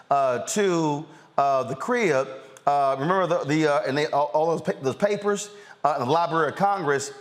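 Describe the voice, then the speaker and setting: A middle-aged man hosts lively commentary, his voice pitched a little high. He talks in a mocking, slangy way and builds into animated outbursts. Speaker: host.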